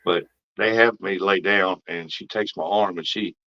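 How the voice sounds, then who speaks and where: A man co-hosts a casual morning show and keeps prodding his partner with teasing banter. His low voice comes through a dull, lo-fi recording. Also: fairly even intonation, normal speed, pushed and bright. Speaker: co-host.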